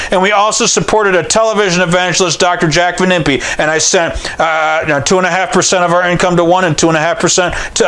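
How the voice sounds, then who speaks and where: A man's voice: high voice, bright, forceful tone, clear, resonant tone. A middle-aged man preaching a sermon in a direct, blunt, sometimes scolding way.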